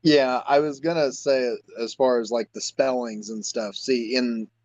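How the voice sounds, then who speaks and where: A man's voice: medium pitch, steady tone, unhurried, a little mellow, no room sound. An American man talks through a casual chat, hesitant and often restarting his sentences. His voice comes through dull and lo-fi, with a dry, close sound. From United States.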